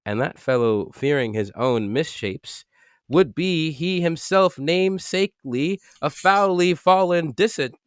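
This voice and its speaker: A man's voice: fairly high pitch, expressive, measured pace, clean tone, no echo, clean studio sound. A man cold-reading a dense literary text aloud for a podcast, stumbling over words and chuckling at it.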